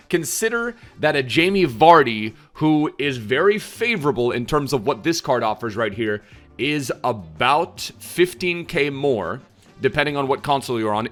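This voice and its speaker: A man's voice: mid-range voice, fairly bright tone. A man casually reviewing a video game card for his channel, chatty and hyped, with lots of ums and uhs. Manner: chatty, hyped, filler-heavy. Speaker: gaming YouTuber.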